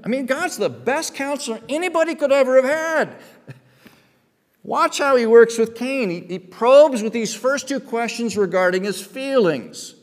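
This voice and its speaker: A male pastor preaching a sermon. He moves from quiet storytelling to loud, emphatic preaching. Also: sits high, animated, a little slow, big-room sound.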